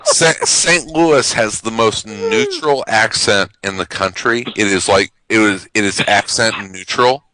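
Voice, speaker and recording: Male podcast co-host, forceful bright tone, emphatic and argumentative. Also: fairly low pitch, a little slow, few pauses, no room sound, low-quality recording. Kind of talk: casual chat.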